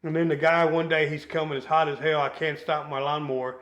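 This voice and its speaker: A man's voice: on the high side, little pitch movement, fairly quick, a bit bright, highs cut off. A man from Central Texas, a podcast guest, telling long rambling stories in casual chat, full of "you know" fillers. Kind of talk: casual storytelling.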